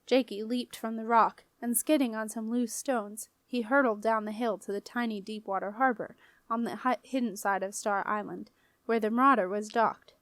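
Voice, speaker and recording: A woman's voice: fairly high pitch, steady tone, moderate pace, dry recording. Woman reading a storybook, dry close sound. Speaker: audiobook reader. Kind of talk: audiobook narration of a children's fantasy novel.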